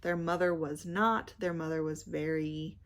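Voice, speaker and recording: A young woman talks through her monthly reading in a slow, unhurried way, her voice low-pitched and gravelly with vocal fry. She rambles, filling pauses with ums and likes as she hunts for the right word. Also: fairly even intonation. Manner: rambling, many ums and likes, searching for words. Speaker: book vlogger. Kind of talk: casual book review chat.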